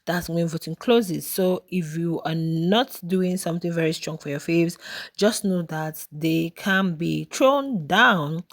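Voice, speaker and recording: With a fairly low pitch and a slow delivery, this YouTube host talks straight to her audience in a chatty way about the polls for voting on reality shows. She has a South African English accent, and there's no room sound at all.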